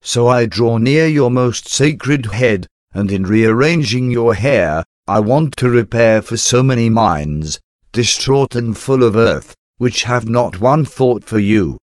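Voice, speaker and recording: A man giving a slow, solemn, reverent devotional prayer reading. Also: medium pitch, expressive, dry recording, clean studio sound. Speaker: devotional reader.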